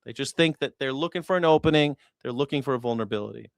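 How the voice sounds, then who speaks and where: A man's voice: mid-range voice, very fast, vocal fry, no echo. Blunt, foul-mouthed male commentator. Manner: blunt, profane storytelling. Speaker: host. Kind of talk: casual commentary.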